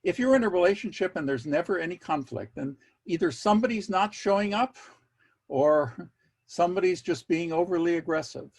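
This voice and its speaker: Husky-voiced man leading a workshop. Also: high voice, lively intonation. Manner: measured, wry asides, repeats key words for emphasis. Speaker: workshop presenter. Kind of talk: online workshop talk. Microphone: video call.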